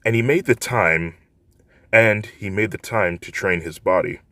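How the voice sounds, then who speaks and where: A man's voice: on the low side, a little slow, fairly bright tone, no echo. A man narrating a fan fiction story in a plain, unpolished storytelling way, with frequent restarts.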